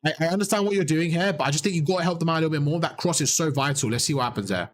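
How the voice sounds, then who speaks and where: A young man coaching players and chat through a live game review, excited and rapid, his voice worn out. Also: a little high. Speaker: esports coach and streamer. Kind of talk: live VOD review commentary.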